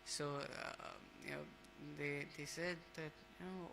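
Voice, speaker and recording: A man leading a temple scripture class, telling a devotional story in a casual, halting way, with many fillers and restarts. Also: fairly high pitch, steady tone, gravelly, background noise.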